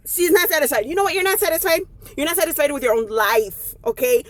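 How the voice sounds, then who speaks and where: A woman telling a story in an animated vlog style, switching into phrases and acting out the people in it. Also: sits high, fast. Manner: dramatic, mixes in Spanish phrases, acts out others. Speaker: vlogger. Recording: faint background noise.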